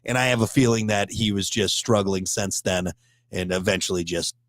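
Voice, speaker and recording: A man's voice: fairly low pitch, moderate pace, a bit bright, no room sound, clean studio sound. A man co-hosting a morning radio show, talking in casual, teasing banter and laughing often.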